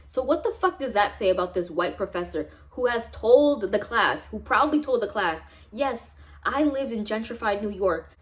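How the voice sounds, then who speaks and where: Young American woman, 20s, San Diego; furious, profane storytime vlogger. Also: medium pitch. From San Diego, United States. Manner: angry, profane, emphatic ranting. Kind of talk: heated personal storytime vlog.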